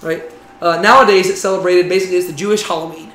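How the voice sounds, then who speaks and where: Male Bible teacher, high voice, chatty lecture style, roomy recording. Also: fairly even intonation, fast talker, a bit bright. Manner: conversational, frequent "right?" tags. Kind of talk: casual Bible class lecture. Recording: echoey room with faint noise.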